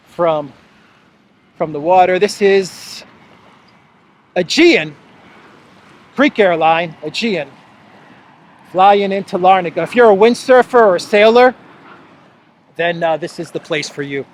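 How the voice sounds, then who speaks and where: A man's voice: sits high, takes it slowly, pauses often. New York man, mocking commentary outdoors. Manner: animated, scoffing, laughs often. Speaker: political commentary host. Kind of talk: casual commentary vlog. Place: outdoors near the sea.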